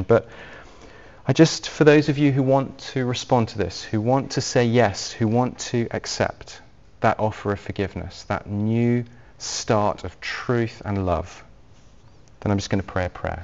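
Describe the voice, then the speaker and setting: A man preaching an evangelistic sermon, speaking earnestly and gently as he leads into a quiet prayer. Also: mid-range voice. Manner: earnest and gentle, softly paced appeals. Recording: dull lo-fi recording.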